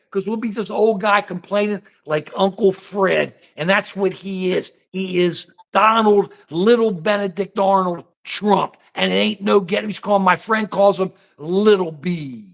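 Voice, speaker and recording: High-pitched guy rambling on a political live stream, all worked up, casual chat. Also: normal speed, creaky, hardly any pauses. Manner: animated, rambling, keeps apologizing and handing over. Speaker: co-host of a political livestream.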